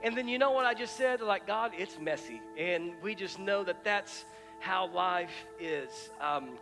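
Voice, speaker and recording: A man's voice: sits high, a little slow. A middle-aged man preaching a sermon as pastor, telling stories in a chatty way with many restarts and repeated words. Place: church auditorium. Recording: church hall reverb with music.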